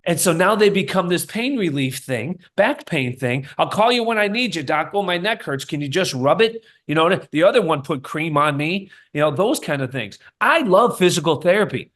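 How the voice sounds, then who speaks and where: A man's voice: high-pitched, a bit bright. A man who is a chiropractor, speaking as a guest in a casual podcast interview with an emphatic, storytelling manner.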